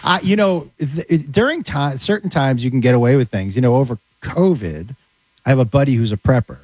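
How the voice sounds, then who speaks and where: A man's voice: mid-range voice, lively intonation, brisk, darkish tone, no room sound. A man telling comic stories in casual chat, acting out the voices of people he quotes. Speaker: comedian guest.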